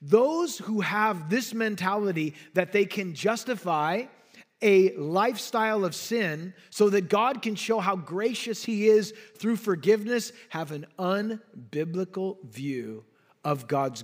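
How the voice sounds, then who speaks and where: A man preaching an expository sermon with an emphatic, dynamic delivery that swings between quiet drops and forceful bursts. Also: high voice.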